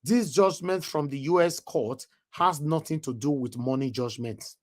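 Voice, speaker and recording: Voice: medium pitch, unhurried. A speaker with a Nigerian accent giving emotional live commentary on a court hearing, switching between English and Pidgin.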